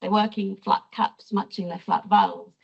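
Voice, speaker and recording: Husky Teesside woman lecturing from afar. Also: mid-range voice, fairly even intonation. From North East England. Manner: measured, explanatory lecturing. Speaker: sociolinguistics professor. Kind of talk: university lecture. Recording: distant mic, dull lo-fi sound.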